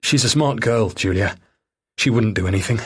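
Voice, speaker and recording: An uneasy, hesitant husband, a little raised in pitch and breathy, as a male narrator voices him. He speaks in short, worried questions. It is audiobook dialogue. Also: moderate pace.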